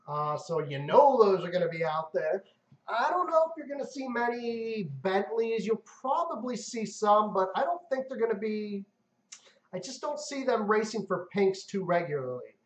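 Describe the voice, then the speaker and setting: A man hosting a live stream, chatting casually and easily with viewers, calling them man and dude. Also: high-pitched. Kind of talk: casual chat. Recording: muffled roomy stream audio.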